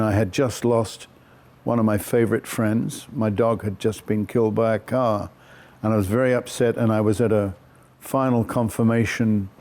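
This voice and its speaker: Older man, mellow tone, projected voice, self-deprecating raconteur. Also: lowish voice. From Australia. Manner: clear, projected delivery; self-deprecating, laughs often. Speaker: actor interviewee. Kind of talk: reflective storytelling interview.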